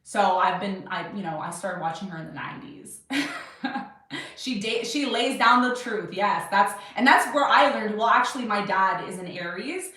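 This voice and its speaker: A woman's voice: medium pitch, sharp tone, distant mic. Chatty woman in a very echoey room. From Jamaican, Irish and Serbian heritage. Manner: chatty and rambling, self-assured. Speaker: astrology livestream host. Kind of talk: casual livestream chat answering viewer questions. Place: home desk with her cat on her lap. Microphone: webcam or camera at a desk. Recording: very echoey room, voice set back from the mic.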